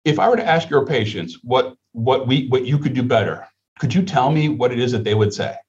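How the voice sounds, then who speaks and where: A man's voice: medium pitch, lively intonation, a little fast, highs cut off. A man answering interview questions about healthcare in an emphatic, rhetorical manner, repeating his points. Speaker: healthcare leader guest.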